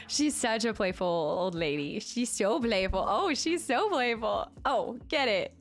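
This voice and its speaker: An excitable woman streams from her home desk, her fairly high voice bubbling with giggles as she coos to her cat and chats casually with her viewers. Faint film music plays softly behind her. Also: a little slow, hardly any pauses. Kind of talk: casual live-stream chat.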